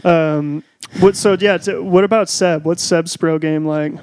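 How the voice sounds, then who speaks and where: A man's voice: on the high side, steady tone, unhurried, a little mellow, clear, resonant tone, no room sound. A young man in casual chat, riffing and mocking with lots of swearing.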